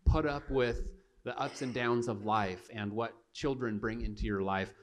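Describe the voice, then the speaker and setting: A young man preaching to his church, telling a childhood story with animated, self-mocking humor and acted-out voices. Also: mid-range voice, normal speed. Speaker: pastor. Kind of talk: storytelling sermon. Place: church sanctuary.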